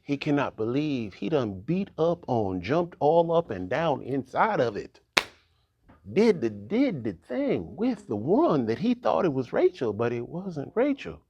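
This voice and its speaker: Animated, husky-voiced man preaching. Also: on the high side, unhurried, lo-fi sound. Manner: animated, slangy, repeats phrases. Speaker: youth preacher. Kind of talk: casual sermon storytelling.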